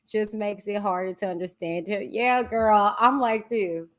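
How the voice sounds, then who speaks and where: A woman hosting a casual livestream, chatting with viewers and reading their comments aloud. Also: medium pitch. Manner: chatty, drawn-out exclamations, talks to viewers as "y'all" and "child". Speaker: livestream host.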